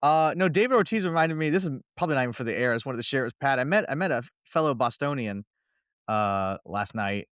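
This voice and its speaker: A man's voice: medium pitch, lively intonation, quick pace, a bit bright, clean tone, dry recording, studio quality. A man from Kentucky co-hosting a podcast, telling wry, laid-back stories in casual chat. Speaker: podcast co-host.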